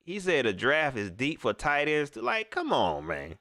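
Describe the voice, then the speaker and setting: Male fan-channel host, live-stream rant; lively swooping delivery, dry close sound, slangy and emphatic. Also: medium pitch, a little slow, dry recording. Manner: animated and emphatic, with repeated rhetorical questions; casual slangy speech with frequent fillers. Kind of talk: casual live-stream venting.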